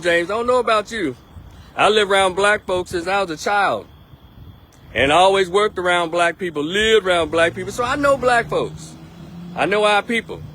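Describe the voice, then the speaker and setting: Blunt, bright-voiced man. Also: high-pitched. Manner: blunt, emphatic, repetitive. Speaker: political commentator on a live stream. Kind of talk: opinionated live-stream monologue.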